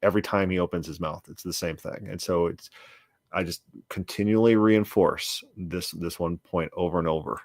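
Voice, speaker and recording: A man's voice: low-pitched, steady tone, moderate pace, dry recording, clean studio sound. A man casually looking back on a debate he took part in, stumbling over and repeating words while bluntly dismissing his opponent. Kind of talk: casual commentary.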